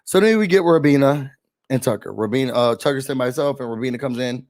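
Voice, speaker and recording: A man hosting a casual reality show recap, sassy and animated, mocking the people he talks about. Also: mid-range voice, quick pace.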